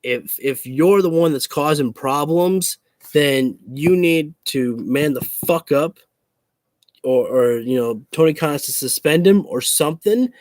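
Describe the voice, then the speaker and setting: A man's voice: a little high, a little slow, darkish tone, no echo. Frustrated man ranting, swearing freely. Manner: frustrated, swearing, repeating himself. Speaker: wrestling YouTuber. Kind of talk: casual opinion rant to camera.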